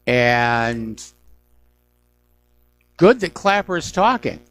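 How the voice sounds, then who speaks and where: A man's voice: medium pitch, big pitch swings, drawn-out words, a bit bright, no echo. A middle-aged man hosting a news talk radio show, giving emphatic, indignant opinions on the day's stories.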